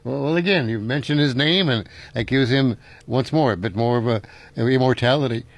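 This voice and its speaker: A man's voice: mid-range voice, a little fast, dry recording. Older male radio host, folksy and rambling, chuckles often. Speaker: radio talk show host. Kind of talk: local radio call-in show.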